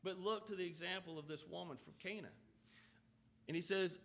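A man's voice: sits high, moderate pace, long pauses, a bit bright, slightly rough. A man preaching a sermon, reading scripture aloud and explaining it earnestly, with runs of rhetorical questions. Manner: reads scripture aloud and then explains it in plain talk.

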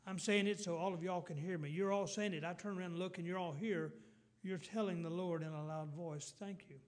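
A middle-aged man, preaching a folksy sermon with halting restarts. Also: high voice, fairly even intonation.

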